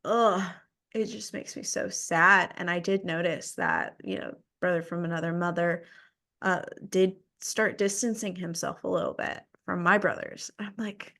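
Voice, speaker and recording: A woman's voice: on the low side, steady tone, normal speed, vocal fry, pushed and bright. A woman podcast host telling a personal story in an earnest, emphatic way. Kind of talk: casual conversation.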